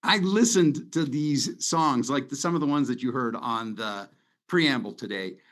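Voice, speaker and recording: Here a middle-aged male host presents casually over slides during a video call from a home office. His mid-range voice has a fairly bright tone and moves a little slowly. He comes across conversational, rambling and sentimental.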